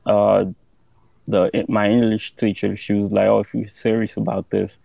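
Gravelly, flat-voiced man, modest guest. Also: lowish voice, no echo, low-quality recording. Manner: modest, halting, many fillers. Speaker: guest artist. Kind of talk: casual interview talk.

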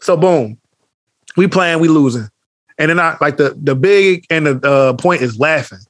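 A man co-hosting a podcast in casual chat, telling animated stories full of slang and swearing, acting out what others said. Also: fairly high pitch, moderate pace, no room sound, clean studio sound. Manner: animated storytelling, acts out quotes, heavy slang and swearing. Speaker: podcast co-host.

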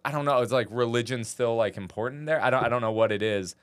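A man in casual podcast banter, joking in a rambling, halting way. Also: mid-range voice, fairly bright tone.

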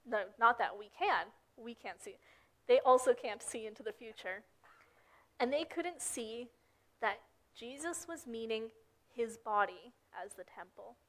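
A woman's voice: on the high side, animated, a little slow, fairly bright tone. A young woman giving a casual sermon, telling Bible stories and acting out the characters' lines. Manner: storytelling, acts out characters' lines. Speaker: preacher.

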